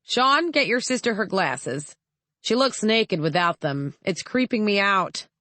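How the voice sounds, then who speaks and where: A woman voicing a blustering, booming older male senator in an audiobook, folksy in manner. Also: animated, a little slow, sharp tone, no echo.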